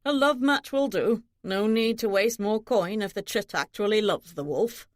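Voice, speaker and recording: A woman's voice: medium pitch, normal speed, dry recording, clean studio sound, close to an everyday voice. A woman reading an audiobook, voicing an elderly, hard-of-hearing father who blusters and demands to be spoken up to. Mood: grumbling.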